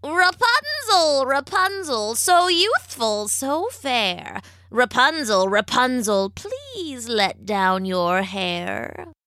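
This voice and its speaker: A woman's voice: high-pitched, sing-song, extremely slow, bright, forceful tone, dry recording, studio quality, pitched above the performer's own voice, heavily acted. A woman voicing an old, bent-backed witch in a storybook reading, speaking in a cooing, sing-song way.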